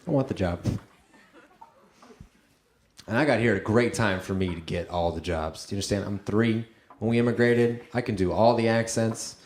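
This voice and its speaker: A man from Romania performing a stand-up comedy set on a club stage, mostly deadpan with sudden loud high-pitched outbursts. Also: moderate pace, long pauses, a little hiss or hum. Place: comedy club with live audience. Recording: echoey club with audience laughter.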